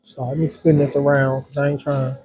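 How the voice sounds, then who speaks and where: A man's voice: medium pitch, a little fast, slightly rough, rough recording. A man hosting a casual livestream, rambling easily and talking straight to his viewers, with in his speech. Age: adult with a hundred-year-old grandmother. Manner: relaxed, rambling, talks to viewers as y'all. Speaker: live-stream host.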